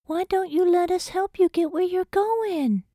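Lady doing a sweet soothing young wife, higher voice, soft and calm, dry close audiobook. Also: unhurried, no room sound. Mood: kind. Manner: soft, calming delivery. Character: kind, soothing young wife, gentle helper.

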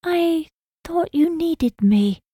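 Woman putting on a young lady, soft, hopeful, lilting, higher than her narrating voice. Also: lively intonation, drawn-out words, dry recording, studio quality, heavily acted. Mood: shy. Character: earnest young woman in love.

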